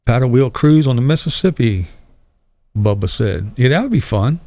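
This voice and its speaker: A man's voice: medium pitch, animated, moderate pace, warm tone, dry recording. Blunt, foul-mouthed older man chatting. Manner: blunt, crude and profane, laughing often. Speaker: YouTube channel host. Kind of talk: casual livestream chat answering viewer comments.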